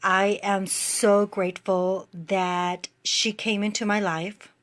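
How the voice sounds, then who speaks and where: Tearful woman giving a slow testimonial. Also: medium pitch, flat delivery. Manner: tearful, laughing through tears. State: crying. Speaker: fitness program creator giving a testimonial. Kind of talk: emotional live-stream testimonial.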